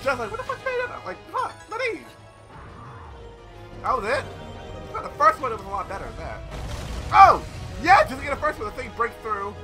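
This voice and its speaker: Shouty, high-voiced gameplay commentator. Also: male voice, huge pitch swings, quick pace. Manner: loud, profane, yelling reactions. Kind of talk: excitable let's-play commentary. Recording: game audio with music behind.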